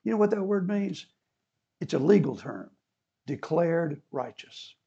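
A man preaching from the pulpit. His voice sits a bit high for a man. He builds with fervor, acting out the people in the scripture as he explains it. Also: animated, measured pace, gravelly, warm tone, husky, highs cut off. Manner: preaching with rising fervor, acting out the quoted speakers. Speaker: pastor. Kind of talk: sermon.

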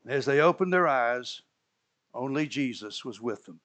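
A man's voice: medium pitch, animated, moderate pace, fairly bright tone. A man preaching a sermon, telling the story with energy, acting out the characters' lines and laughing at his own asides. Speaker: pastor.

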